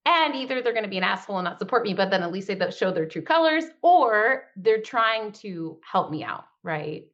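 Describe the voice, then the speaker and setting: A woman's voice: medium pitch, lively intonation, a bit bright, muffled recording. A woman coach leading a group call in a casual, upbeat way, acting out little quotes as she talks. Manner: upbeat, talks in quick bursts, acts out quotes. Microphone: video call.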